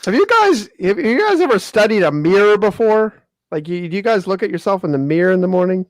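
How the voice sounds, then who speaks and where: Co-host, male, high voice, smug joking, dry video-call sound. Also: expressive, fast, a little mellow, no echo. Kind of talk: casual panel chat.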